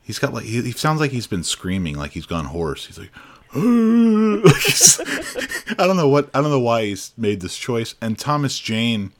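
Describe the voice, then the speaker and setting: A man's voice: medium pitch, sing-song, moderate pace. A man co-hosting a film podcast, giving casual, opinionated reviews and laughing easily.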